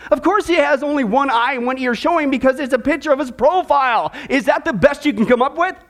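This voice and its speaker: A man's voice: very high voice, big pitch swings, fast talker, fairly bright tone, full character voice. A man voicing an exasperated male police officer in a joke told from the pulpit, incredulous and rising in tone.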